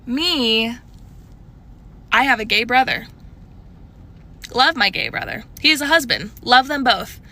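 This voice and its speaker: A woman in her twenties telling a casual storytime, chatty and animated, full of likes and restarts. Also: measured pace, long pauses. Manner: animated, shifting pitch often.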